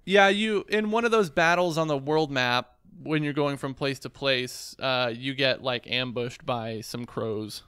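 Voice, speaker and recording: Smooth-voiced man explaining game lore. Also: mid-range voice, a little slow, hardly any pauses, a bit bright, no room sound, clean studio sound. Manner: explains carefully with many ums and restarts. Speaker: podcast co-host. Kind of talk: casual gaming podcast chat.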